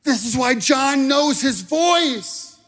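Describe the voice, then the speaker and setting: A man preaching a sermon in a church, talking casually with lots of "like", rising to shouted peaks and dropping to quiet asides. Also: very high-pitched, animated, takes it slowly. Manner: casual wording with many fillers like "like". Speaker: pastor. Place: church sanctuary.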